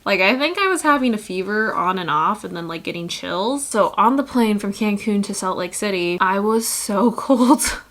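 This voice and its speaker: A woman's voice: mid-range voice, lively intonation, moderate pace, hardly any pauses, a bit bright. A woman chatting to camera as she tells a travel story. She talks casually, with plenty of "like", and slips into other people's voices to act out what they said. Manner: chatty, heavy use of "like", acts out quoted people. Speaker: vlogger.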